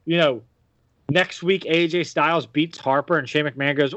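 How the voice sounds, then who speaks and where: A man's voice: fairly high pitch, steady tone, moderate pace, fairly bright tone, no echo, highs cut off. An American man hosting a podcast, chatting casually about wrestling with lots of fillers and restarts. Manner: rambling, many fillers and restarts. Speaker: podcast host.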